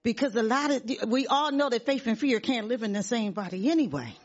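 A woman's voice: fairly high pitch, animated, fairly quick. A middle-aged woman giving an earnest church testimony, often repeating herself and laughing as she talks. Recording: dull lo-fi sound.

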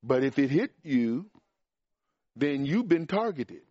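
A man preaching a sermon in an emphatic, animated way, pushing up in pitch and volume on key points. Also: slow pace, dry recording. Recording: dry, dull lo-fi sound.

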